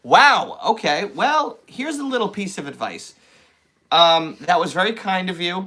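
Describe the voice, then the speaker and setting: A male comedian hosts a loose podcast livestream in a high, bright voice. He talks rapidly and excitedly, leaping from one topic to the next. His tone stays sharp and forward throughout. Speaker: comedian and impressionist host. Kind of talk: casual livestream podcast chat.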